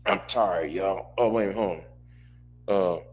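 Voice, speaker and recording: A man's voice: low voice, slow pace, lo-fi sound, a little hiss or hum. A man in a casual rant, exasperated and repetitive, stumbling over restarts. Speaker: commentator reacting to a panel stream.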